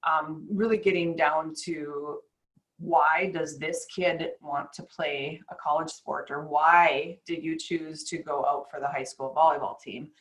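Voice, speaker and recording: Woman chiropractor hosting a casual podcast, slightly low voice, rambly and chatty. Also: fairly even intonation, rough recording. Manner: chatty, rambling, quick bursts and laughs.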